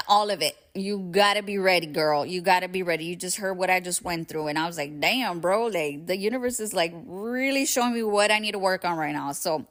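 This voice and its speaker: A woman with a fairly low voice hosts a casual solo podcast. She talks candidly and emphatically, leaning on filler words and blunt swearing. She sounds a bit congested. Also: fairly bright tone. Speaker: podcast host.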